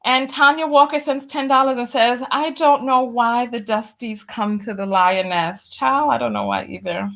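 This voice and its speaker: A woman's voice: on the high side, moderate pace, gravelly, few pauses, fairly bright tone. A woman hosting a live-stream talk show, reading out donations with a sassy, teasing, playfully scolding manner. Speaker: host.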